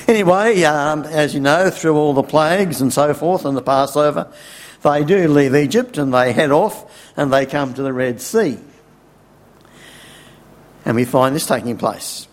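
A man preaching a sermon, unhurried, asking rhetorical questions and chuckling wryly. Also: on the high side.

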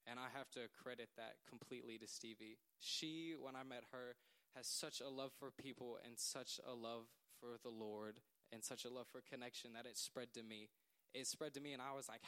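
A man's voice: mid-range voice, pushed and bright, smooth. A man in his late teens giving a heartfelt thank-you speech to a gathering, earnest and rambling and laughing at himself.

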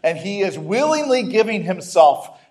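A man's voice: high-pitched, sing-song, normal speed, a little mellow. A man preaching a sermon as a pastor, conversational, breaking off into humorous asides and restarts.

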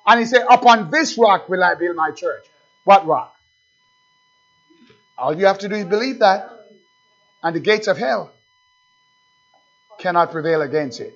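A man preaching a sermon, emphatic, stretching words slowly to stress the scripture. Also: high voice, animated, a bit bright. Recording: dull lo-fi recording.

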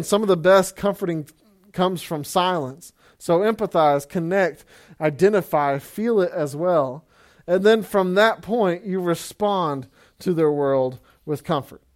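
A man preaching a casual, conversational sermon, often saying "man" and trailing into fillers as he talks. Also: high voice. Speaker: pastor.

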